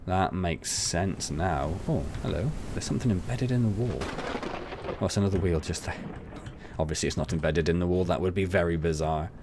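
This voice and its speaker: Guy rambling thru a game, gravelly low-ish voice, faint hiss behind. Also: normal speed. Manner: chatty, rambling, self-mocking. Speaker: gaming channel host. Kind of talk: casual let's play commentary.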